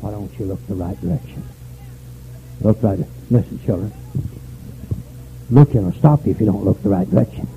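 An older man preaching a revival sermon, swinging from fervent shouts down to low, quiet pleading. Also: lively intonation, normal speed, gravelly, pauses often. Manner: fervent, rising to shouts then dropping low. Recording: tinny phone-like old recording with faint noise.

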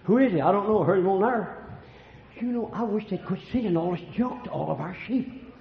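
An older man preaching a sermon, telling folksy stories and swinging between hushed and loud lines. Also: sits high, animated, fairly quick, creaky. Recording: echoey room, dull lo-fi sound.

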